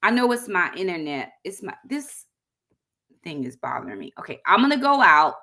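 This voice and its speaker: A woman's voice: fairly low pitch, big pitch swings, moderate pace, pushed and bright. A middle-aged woman chatting casually to viewers on a livestream, addressing them as y'all. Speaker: vlogger hosting a livestream.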